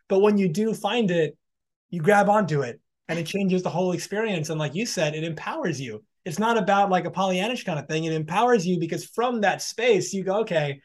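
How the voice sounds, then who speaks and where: A man hosting a podcast, reflecting in a loose conversational way on a guest's story. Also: high-pitched. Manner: reflective, loose filler-heavy phrasing. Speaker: podcast host. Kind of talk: casual interview reflection.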